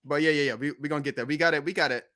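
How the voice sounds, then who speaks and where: A rapper hosting a casual music livestream talks in a loose, rambling way, swearing and often correcting himself. His fairly high voice races along, sounding pushed and bright.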